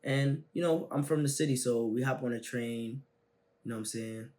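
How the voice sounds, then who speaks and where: A young man hosting a self-help video, telling a personal story in slangy, animated casual talk that swings between loud bursts and quiet asides. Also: medium pitch, moderate pace.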